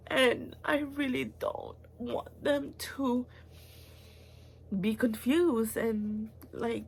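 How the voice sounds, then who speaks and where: A woman's voice: on the high side, very slow, a little mellow, slight background noise. A young woman, talking in a rambling, heartfelt personal vlog with many fillers and restarts, at times close to tears. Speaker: vlogger.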